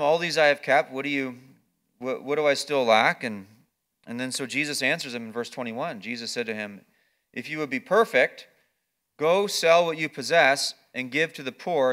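Bright-voiced man preaching a sermon. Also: mid-range voice. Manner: earnest preaching with frequent word repeats; swings between quiet explaining and raised emphatic passages. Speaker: pastor. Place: church or campus ministry gathering.

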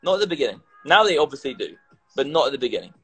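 A man chatting casually on a livestream, tipsy and animated, swearing and repeating himself as he talks. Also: mid-range voice, racing, husky, soft background music, low-quality recording. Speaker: crypto content creator.

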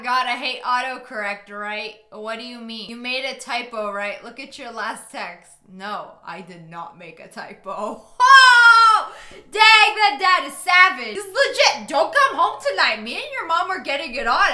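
Giggly young woman with bright, roomy sound. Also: a little high. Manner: giggly, swearing, animated reactions. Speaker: YouTuber reading funny texts. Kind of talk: reading texts aloud with commentary. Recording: roomy echo.

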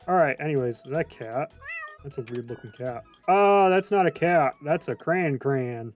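A man's voice: mid-range voice, moderate pace, soft background music. Jokey young male gaming host. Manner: chatty, jokey, swings from loud to mumbled. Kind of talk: casual let's play commentary.

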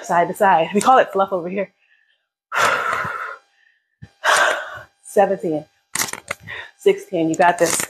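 A woman's voice: lowish voice, fairly even intonation, takes it slowly, pauses often, slight background noise, rough recording. A woman leading a live workout, counting down reps and cheering viewers on while out of breath. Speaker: fitness instructor.

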